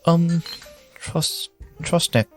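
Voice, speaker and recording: Stammering young ship's engineer, nervous and eager, voiced by a man a notch above his normal pitch. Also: very slow, faint music behind. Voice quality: stammering, repeats words. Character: jittery young starship engineer, eager to please.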